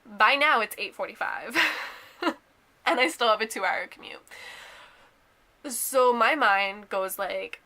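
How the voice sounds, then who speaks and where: A young woman chats through a storytime vlog with a bright, clear tone. She talks loosely, piling up "like" and "um", and sounds a little sick and worn. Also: medium pitch, slow pace, long pauses. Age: young adult. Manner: chatty, many "like"s and "um"s, drops to a whisper at times. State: sick and nauseous. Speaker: vlogger. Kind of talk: casual storytime.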